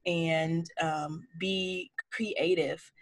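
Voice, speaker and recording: Sitting in a home office full of cookbooks, a chef in her 40s recounts stories candidly during a casual interview, performing the quotes with lively animation. Her voice is low and her delivery extremely slow.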